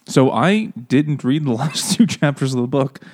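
A man's voice: mid-range voice, animated, a little slow, a little mellow. A man co-hosting a book podcast, cracking jokes and laughing in casual banter. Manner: wisecracking, laughs a lot.

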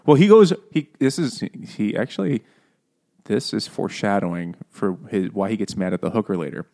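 A man's voice: fairly low pitch, expressive, moderate pace, mellow. A man chatting casually about a book, joking and swearing, laughing often. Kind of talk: casual book discussion chat.

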